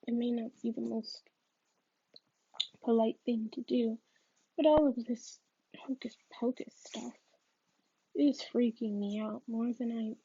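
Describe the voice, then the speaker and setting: Slow, halting woman reading a novel aloud. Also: on the high side, creaky, warm tone, husky, no echo, lo-fi sound. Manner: hesitant, with frequent restarts. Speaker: reader.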